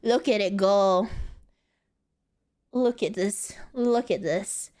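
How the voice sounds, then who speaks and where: A woman's voice: mid-range voice, slow pace, darkish tone. A young woman streaming casually, rambling playfully and laughing often. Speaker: VTuber streamer. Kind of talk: casual live-stream chat.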